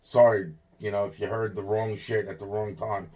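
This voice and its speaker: A man delivering a rambling monologue, repetitive and profane, circling through restarts and breaking into sudden loud outbursts. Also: on the low side, flat delivery, moderate pace, slight background noise.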